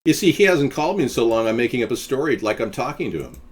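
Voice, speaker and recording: A man's voice: medium pitch, animated, fast, slightly rough. A man hosting a live video-chat talk show, rambling, joking and teasing the chat room. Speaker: host.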